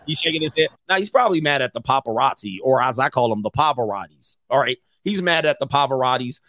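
A man's voice: medium pitch, expressive, fast, fairly bright tone, no echo. A middle-aged man, a dating coach, doing slangy, joking live reaction commentary with laughing asides.

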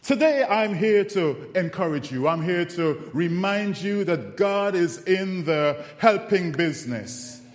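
Brief: man preacher, slightly high voice, unhurried storytelling, long hall reverb. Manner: storytelling, animated and self-mocking. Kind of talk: sermon with humorous personal stories.

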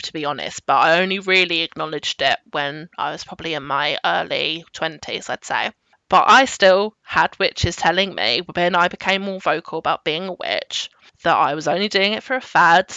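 Bright, creaky-voiced woman podcaster. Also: fairly low pitch, no room sound. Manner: earnest, reassuring advice-giving. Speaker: podcast host. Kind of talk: solo advice podcast.

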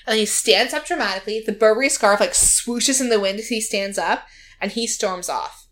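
A woman with a bright, forward voice tells a story in a casual chat. She keeps talking, fills her lines with "like" and acts out what people said. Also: mid-range voice, fairly quick. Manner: chatty storytelling, acting out quotes, frequent "like". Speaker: podcast co-host recapping a reality show.

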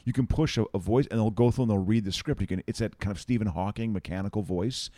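A man's voice: lowish voice, fast, dark tone, dry recording. A man co-hosting a casual podcast chat, rambling and restarting his sentences and laughing easily. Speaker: podcast co-host. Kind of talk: casual chat while watching an awards show.

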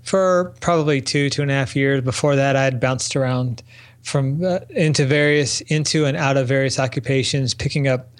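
Male guest, mid-pitched, reflective and stop-start storyteller. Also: moderate pace. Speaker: podcast guest, life coach. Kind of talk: casual interview talk.

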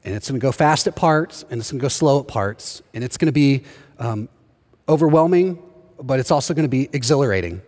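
Animated preaching man in a reverberant hall. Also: medium pitch, fairly quick. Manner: animated storytelling, acts out quoted voices. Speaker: pastor. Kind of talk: sermon.

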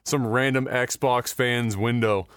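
A man hosting a casual gaming podcast, telling a profane, animated story. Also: mid-range voice, slow pace, clean tone, dry recording, clean studio sound. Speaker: podcast host.

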